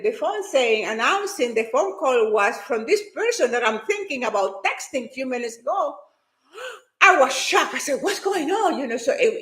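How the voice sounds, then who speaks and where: A high-pitched woman tells a personal story, so excited that she trips over her words and restarts sentences. Her voice rings out in an echoey room. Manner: animated, fast and excitable with restarts. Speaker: fitness and motivation speaker.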